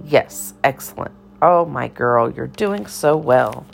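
A woman's voice: extremely low pitch, expressive, takes it slowly, vocal fry, slight background noise, heavily acted. A woman voicing an eccentric older cafeteria lady who speaks in riddles and scolds in a theatrical sing-song. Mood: playful, scolding.

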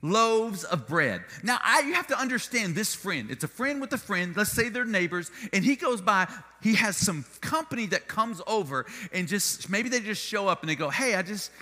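A man's voice: high-pitched, normal speed, hardly any pauses, big-room sound. A male pastor preaching a sermon, telling stories with humor and energy. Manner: animated storytelling with humor.

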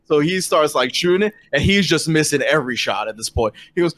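A man's voice: fairly high pitch, lively intonation, fairly quick, fairly bright tone. A man narrating as game master in a casual, filler-heavy way.

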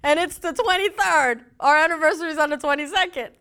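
High-voiced animated woman pastor preaching. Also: fast talker. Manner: animated storytelling with laughs and acted-out dialogue. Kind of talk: sermon.

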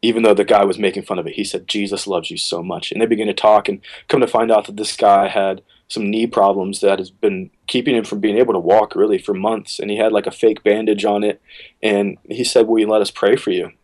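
A man's voice: a little fast, rough recording. A man, a worship leader, casually telling a long story on a podcast and acting out what people said. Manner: relaxed storyteller, acts out quotes with sudden pitch jumps.

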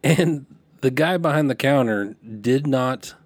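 A man's voice: mid-range voice, moderate pace, no room sound. A middle-aged man hosting a podcast, casually telling a rambling story from his youth, restarting his sentences as he goes. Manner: rambling, self-correcting, animated when quoting.

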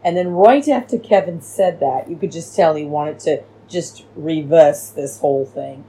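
A woman with a low, husky voice hosts a casual recap chat from home. She rambles and keeps calling her listeners darlings, and her tone is dark and mellow, recorded on a cheap microphone. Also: measured pace, rough recording. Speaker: podcast host. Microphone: cheap free microphone.

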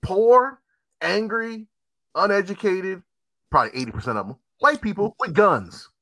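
A man hosting a casual chat, ranting in an animated, profane, emphatic way. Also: high voice, moderate pace, no echo.

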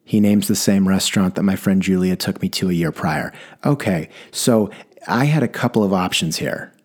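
A man's voice: low-pitched, normal speed, a little mellow, husky. A man telling a wry personal story about a passenger, with a dry delivery. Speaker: rideshare driver telling a story.

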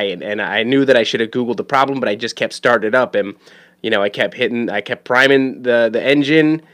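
A man's voice: medium pitch, fairly bright tone. A man, a father, talking in a casual monologue, rambling and swearing freely, with many restarts and stammered words. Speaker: father talking about his son.

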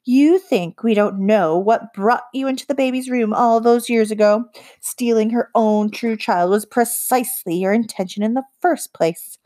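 A commanding witch queen of the deep dark, put on by a woman reading aloud speaks with icy, imperious scorn. Her words come slow and measured, and her warnings cut. It is a storybook villain voice. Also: close to an everyday voice. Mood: cold.

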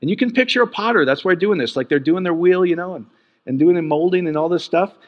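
A man preaching a sermon in an animated way, jumping from loud bursts to quiet asides. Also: fast talker, in a large hall, highs cut off. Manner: animated, swings from loud peaks to low asides.

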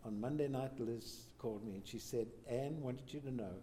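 A man, a pastor, telling a church testimony as a lively storyteller who acts out the quoted lines. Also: mid-range voice, normal speed, a little hiss or hum. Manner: animated storyteller, voices quotes.

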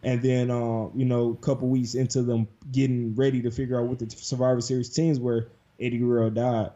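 Mellow-voiced young man, lo-fi. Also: medium pitch, little pitch movement, fairly quick. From Detroit, USA. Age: 20s. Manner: rambling, many fillers. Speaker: podcast guest and game developer. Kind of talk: casual chat. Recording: dull lo-fi sound.

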